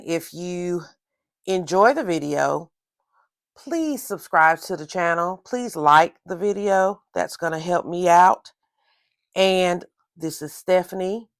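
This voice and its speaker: In a dry, echo-free recording, a Southern US woman with a voice on the low side talks through decorating her journal for a plan-with-me video. Her relaxed, unhurried chatter drifts along, peppered with repeated uses of "again".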